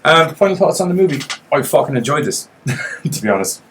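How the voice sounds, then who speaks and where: A man's voice: on the high side, big pitch swings, brisk, a bit bright, a little hiss or hum. A man co-hosting a horror podcast in casual chat, joking and swearing as he rambles. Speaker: podcast co-host.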